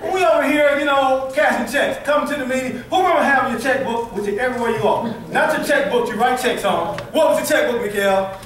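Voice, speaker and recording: A man giving a motivational sales training talk in an animated, colloquial way, quizzing his audience. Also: very high-pitched, brisk, hardly any pauses. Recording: echoey hall from far off.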